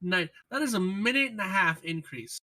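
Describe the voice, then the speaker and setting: Male co-host, bright tense tone, emphatic, casual chat and read-alouds. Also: sits high, expressive, moderate pace. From United States. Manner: emphatic, exasperated outbursts. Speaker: podcast co-host. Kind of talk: casual gaming podcast chat and reading patch notes aloud.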